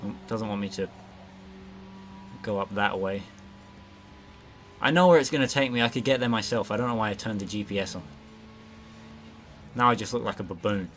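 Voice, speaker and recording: A man's voice: fairly low pitch, moderate pace, long pauses, fairly bright tone, faint music behind. A man casually narrating his gameplay as a let's play host, rambling with lots of fillers and frequent swearing. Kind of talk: gameplay commentary.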